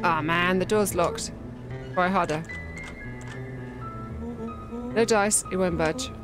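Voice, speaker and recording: A woman's voice: fairly low pitch, a little slow. A woman commenting on a story game and reading its dialogue aloud in a playful way. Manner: playful, reads lines with light voices. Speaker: gameplay streamer. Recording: game music playing behind.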